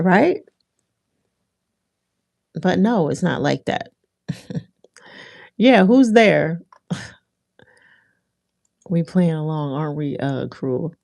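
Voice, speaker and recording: A woman's voice: on the low side, creaky, a little mellow, dry recording. A woman hosting a casual livestream, chatting with viewers in a rambling way with many restarts and fillers. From Philadelphia area. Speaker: livestream host.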